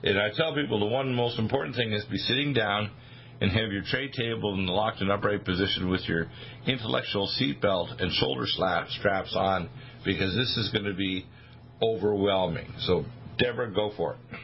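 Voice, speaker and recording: Casual: radio host guy, low voice, emphatic and preachy, muffled sound. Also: moderate pace, gravelly. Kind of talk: radio talk show hosting. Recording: dull lo-fi radio audio with faint hiss.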